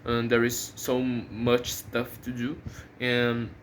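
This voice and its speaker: A man who is not a native English speaker talks unhurriedly to his own channel in a casual vlog. He pauses often and restarts his sentences as he thinks aloud. Faint background noise sits under the recording. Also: mid-range voice, completely flat delivery. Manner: hesitant, many fillers and restarts, thinking aloud. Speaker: channel host.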